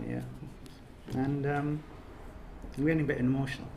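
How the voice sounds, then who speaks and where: A man's voice: medium pitch, brisk, pauses often, background noise. A man giving an earnest, emotional closing speech at a course ceremony, often repeating his words for emphasis. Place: reception room in a residence. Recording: echoey room, faint ambience.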